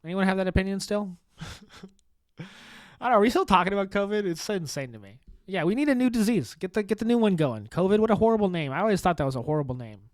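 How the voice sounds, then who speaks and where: A podcast host with a slightly high voice delivers a sarcastic, deadpan solo comedy monologue at a quick pace, stumbling over restarts and swearing freely. The mic is close and the recording is dry, with no room sound around him.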